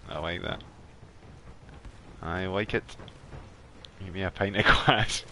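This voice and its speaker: A Scottish man chatting casually with viewers while streaming a game from his warm bedroom, laughing often. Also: deep voice, steady tone, takes it slowly, gravelly, a little hiss or hum. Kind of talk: casual live gameplay chat.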